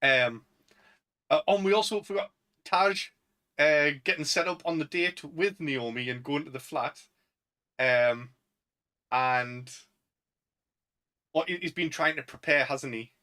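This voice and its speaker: A man's voice: a little high, measured pace, long pauses, pushed and bright. A man with a Northern English accent co-hosting a casual chat, laughing often and acting out film quotes. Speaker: podcast co-host.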